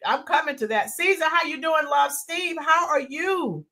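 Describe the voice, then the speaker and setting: Woman streamer, high and bright, very lively, chatty commentary that reads out viewer comments. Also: moderate pace. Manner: animated, reads viewer comments aloud, greets viewers warmly. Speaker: political livestream co-host. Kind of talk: casual political commentary livestream.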